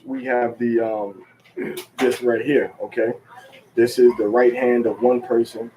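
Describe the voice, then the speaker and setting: A man gives a religious lesson at a slow, measured pace. His voice is dark and mellow, and he halts often with fillers and restarts. He stretches out the words he wants to stress. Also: medium pitch, low-quality recording. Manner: drawn-out stress on key words. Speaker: religious teacher. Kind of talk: teaching talk.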